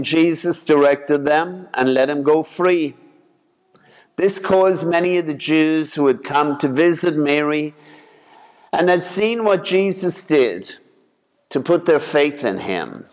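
Slow, reverberant church reader, man. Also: on the high side. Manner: slow, measured, deliberate delivery. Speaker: priest. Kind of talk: gospel reading and homily.

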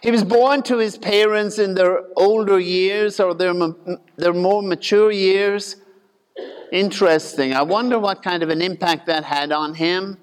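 A man preaching a sermon with a high, smooth, ringing voice. He talks in a casual, folksy way, with asides and humor. A long reverb trails each phrase.

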